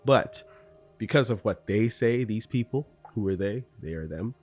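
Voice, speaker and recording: Deep-voiced Canadian man rambling through stories. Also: expressive, moderate pace, darkish tone, soft background music. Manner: rambling, self-correcting storytelling with frequent laughs and ums. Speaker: podcast host. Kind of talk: unscripted solo podcast monologue.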